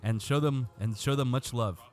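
A man hosting a casual podcast, making deadpan jokes at his co-hosts. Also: medium pitch, moderate pace. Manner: joking, deadpan asides. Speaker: podcast host.

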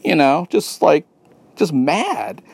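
Gravelly, animated man rambling on a podcast. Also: a little high, takes it slowly, no room sound, clean studio sound. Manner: rambling, profane, many restarts and fillers. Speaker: podcast host. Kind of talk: casual rambling monologue.

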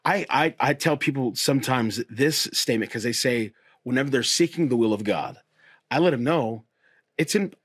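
A man, a pastor and host, talking earnestly and encouragingly about faith in a relaxed conversation. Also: mid-range voice, moderate pace, husky, no room sound, studio quality. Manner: earnest, encouraging, repeats phrases.

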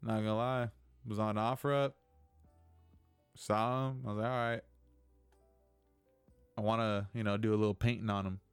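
A man's voice: on the low side, steady tone, moderate pace, pauses often, clean tone, no room sound, faint music behind. A young man hosting a casual solo podcast, rambling and venting with lots of swearing. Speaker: podcast host.

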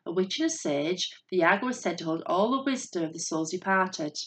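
A woman with a lowish voice narrates a fairy tale. Her delivery is steady and measured, like a storyteller reading aloud. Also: a little hiss or hum.

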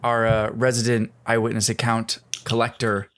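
A young man co-hosting a casual podcast, excitable and profane, laughing often. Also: medium pitch, moderate pace. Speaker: podcast co-host. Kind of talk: casual banter.

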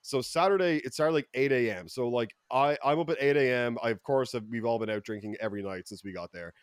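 A young Irish man telling stories in casual podcast chat, rambling and swearing, with lots of fillers and loud outbursts. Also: mid-range voice, fast talker, smooth, dry recording. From Ireland. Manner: profane, rambling, many fillers and restarts, loud bursts when excited. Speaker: podcast co-host.

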